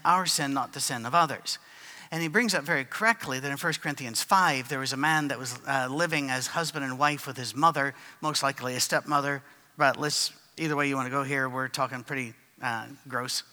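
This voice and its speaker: A man's voice: medium pitch, sharp tone, in a large hall. A man preaching and answering written questions from the audience, in a conversational storytelling way with fillers and restarts.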